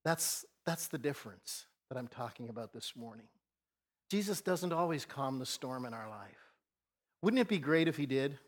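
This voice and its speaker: A man preaching a sermon as pastor, telling a Bible story earnestly and shifting between soft and loud emphasis. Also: medium pitch, animated, moderate pace.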